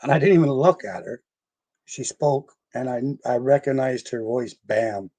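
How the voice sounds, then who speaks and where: A man's voice: medium pitch, normal speed, mellow. An older man, a paranormal investigator, telling personal stories in a rambling, casual way and acting out other people's voices. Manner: rambling, laughs often, acts out voices in his story. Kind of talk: casual storytelling interview.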